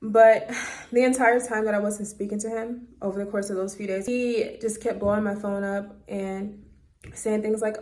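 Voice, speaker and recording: In a loose, casual monologue to her phone, a woman vlogger bluntly and candidly shares a personal story, swearing freely. She speaks at a moderate pace with fairly even intonation, in an ordinary-pitched, slightly mellow voice.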